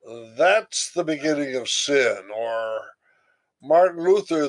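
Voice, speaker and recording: A man's voice: fairly high pitch, lively intonation, takes it slowly. A man giving a recorded lecture, telling everyday stories in an emphatic, storytelling way.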